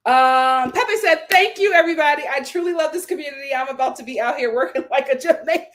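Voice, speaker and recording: A woman hosting a casual livestream, reading viewer comments aloud, laughing often and bursting into loud outbursts. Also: high voice, a little fast. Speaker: livestream host reading super chats.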